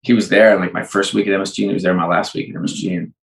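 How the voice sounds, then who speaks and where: A man guesting on a podcast, telling animated stories and acting out both sides of the dialogues. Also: sits low, rapid-fire, creaky, roomy sound, rough recording. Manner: energetic storyteller, acts out both sides of dialogues. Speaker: guest, sports and entertainment executive. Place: home.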